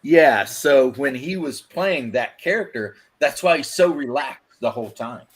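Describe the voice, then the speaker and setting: A man's voice: medium pitch, expressive, unhurried. A man telling a story in casual podcast chat, quoting what others said. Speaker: podcast co-host.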